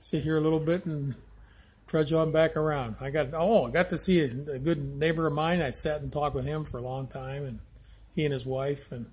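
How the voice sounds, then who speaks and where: An older man talking in a halting, heartfelt way as he films himself on a phone outdoors by a lake. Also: on the high side, fairly even intonation, darkish tone, husky. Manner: halting, restarts often, heartfelt. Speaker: vlogger. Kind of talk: casual video diary. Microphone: handheld phone camera.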